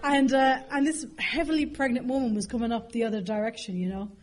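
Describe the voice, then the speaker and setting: A woman's voice: fairly high pitch, fairly even intonation, quick pace. An Irish woman with a bit of a cold, giving a humorous, self-mocking recovery talk at a podium with lots of fillers. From Ireland. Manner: chatty, self-mocking, frequent fillers and laughs. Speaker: AA speaker.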